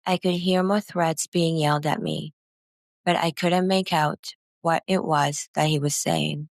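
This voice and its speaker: A woman with a very low, gravelly voice reads a first-person memoir at a slow, unhurried pace. Her delivery is somber, and the recording is dry and close. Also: steady tone, no echo. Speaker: narrator.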